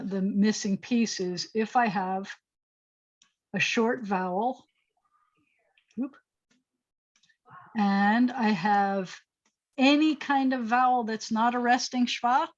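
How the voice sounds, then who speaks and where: Woman rabbi at mid pitch, teaching Hebrew over a muffled video call, chatty and self-correcting as she writes. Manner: thinks aloud while writing, self-correcting, chatty asides. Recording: slightly dull video call audio.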